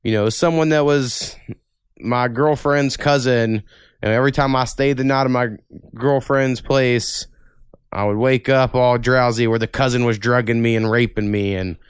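A man's voice: mid-range voice, fairly even intonation, moderate pace, clean tone, no room sound, studio quality. A man hosting a podcast, telling long, profane stories in casual chat. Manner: profane, rambling storyteller. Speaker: podcast host.

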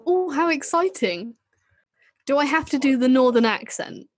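A woman's voice: high-pitched, expressive, normal speed, dry recording. A woman co-hosting a podcast, chatting casually and enthusiastically, with a self-deprecating manner. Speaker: podcast co-host. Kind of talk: casual chat about a TV show.

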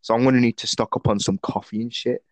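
A man's voice: medium pitch, steady tone, quick pace, no room sound. A man co-hosting a casual podcast, giving blunt, sweary opinions on fighters. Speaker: podcast co-host. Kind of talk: casual chat.

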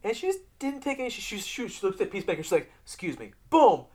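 A podcast co-host in casual chat reviewing a TV series, rambling and swearing freely, with animated retellings of scenes. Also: medium pitch, racing.

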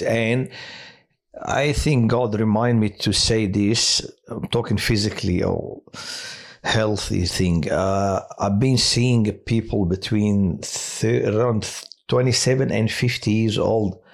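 A man who works as a hospital chaplain tells personal stories in a halting way, with many restarts and fillers. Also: lowish voice, darkish tone. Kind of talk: personal testimony on a podcast.

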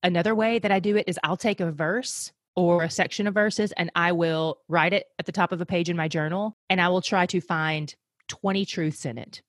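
A woman from the United States talking casually as an interview guest, animated and fond of acting out voices. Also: lowish voice, a little fast, no room sound, clean studio sound. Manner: animated, acts out voices when telling a story.

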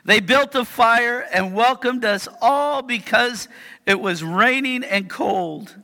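A man in his forties delivers an animated sermon in a church, his very high voice bright and gravelly. He acts out the story with sudden shouts, and a long hall reverb trails every line. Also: slow. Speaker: pastor. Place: church sanctuary.

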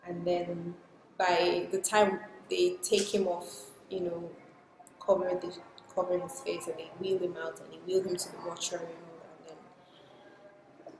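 A woman in casual podcast chat, telling a personal story in a soft, reflective way that trails into quiet asides. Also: lowish voice, little pitch movement, normal speed, vocal fry, slight background noise. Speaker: guest sharing a personal story. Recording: roomy with long reverb.

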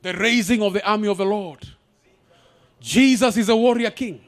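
A middle-aged man, preaching a sermon as a visiting pastor at a church service, declaring prophecies in shouted bursts. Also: sits high, moderate pace. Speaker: guest pastor.

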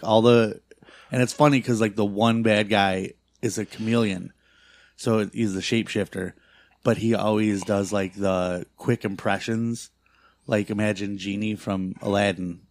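A middle-aged man co-hosting a podcast, telling animated stories in casual chat and swearing freely. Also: fairly low pitch, moderate pace, no echo, studio quality. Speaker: podcast co-host.

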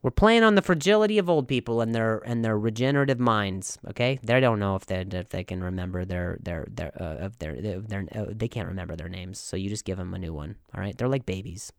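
A man hosting a comedy podcast, delivering an animated, mock-serious monologue full of stammers and restarts. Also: on the low side, fairly quick, gravelly, few pauses, clean tone, dry recording, studio quality. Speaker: podcast host.

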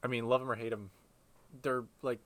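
A man's voice: mid-range voice, little pitch movement, brisk, fairly bright tone. Laid-back man joking on a podcast. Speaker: podcast co-host. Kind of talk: casual chat.

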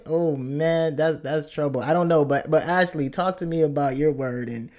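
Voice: mid-range voice, moderate pace, few pauses, darkish tone. A facilitator leading a casual group discussion, reacting animatedly and prompting others with questions.

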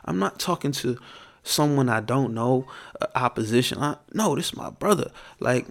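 A man's voice: mid-range voice, expressive, moderate pace, gravelly. A man hosting his own podcast, telling a story in a casual monologue and ranting with plenty of profanity. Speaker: podcast host.

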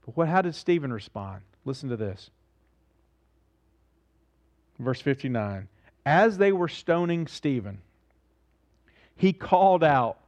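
Earnest pastor preaching, slightly high voice. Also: male voice, lively intonation, takes it slowly, pauses often, a little mellow. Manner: earnest, asks the listeners questions and repeats phrases for emphasis. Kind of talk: sermon.

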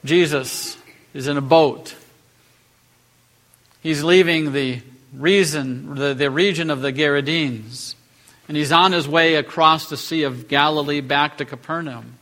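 A man's voice: fairly high pitch, steady tone, unhurried, fairly bright tone. A man preaching a sermon from the pulpit, emphatic and building to rising, rhetorical lines. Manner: emphatic, rhetorical questions, rising on key phrases. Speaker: pastor. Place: church.

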